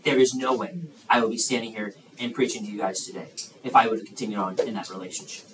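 A man in his thirties preaching a sermon to young people, swinging between loud emphatic bursts and hushed asides. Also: on the low side, flat delivery, fast talker, far from the mic, noisy background.

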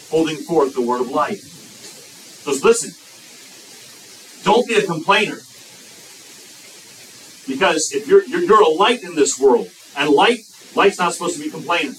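His sermon is emphatic and expressive: a man with a fairly high, slightly bright voice repeats phrases to press his points and slows noticeably whenever he reads scripture. A faint hiss runs under the recording, made with the mic at some distance.

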